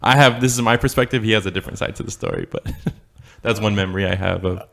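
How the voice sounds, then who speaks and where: A man's voice: on the low side, quick pace, gravelly, a bit bright. A young man co-hosting a podcast, telling a childhood story in a rambling, swearing, laughing way. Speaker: podcast co-host. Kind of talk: casual storytelling chat.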